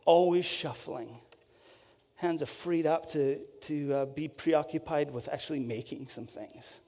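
Man, pastor, candid sermon storytelling, mellow voice, long hall echo. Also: a little high. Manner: candid, self-deprecating storytelling with acted asides.

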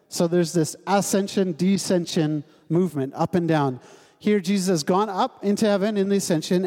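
Asking his congregation questions and keeping things light and conversational, this male pastor delivers his sermon in a church sanctuary with long hall reverb. His voice is high-pitched with a darkish tone.

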